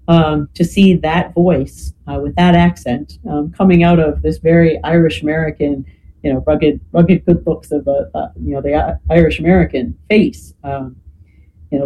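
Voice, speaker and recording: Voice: medium pitch, mellow, a little hiss or hum, rough recording. A podcast guest explaining history in a conversational way, often adding "you know" and a questioning "right?". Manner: peppers speech with "you know" and tag "right?".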